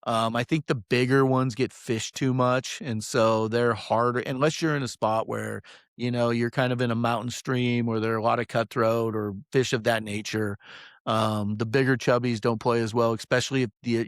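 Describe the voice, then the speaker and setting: A fishing guide talks casually into a close mic, rambling and swearing as he tells his story. His voice sits at a middle pitch for a man. The sound is dry, with no echo. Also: flat delivery, normal speed. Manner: rambling, profane, many "um"s.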